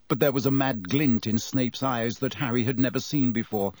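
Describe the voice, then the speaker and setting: A man narrating an audiobook in a measured, expressive way. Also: medium pitch, no echo.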